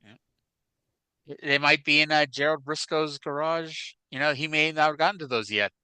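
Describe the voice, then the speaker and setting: A man in his forties chats and tells stories on a podcast, with a bright, clean, well-defined voice. The sound is close and dry, with no room around it. He wanders through his tales and keeps adding "like" and "you know.". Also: fairly high pitch, fairly even intonation, moderate pace, clean tone, dry recording, poor audio. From northern USA. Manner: rambling storyteller, many fillers like "like" and "you know". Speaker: podcast co-host. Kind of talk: casual chat.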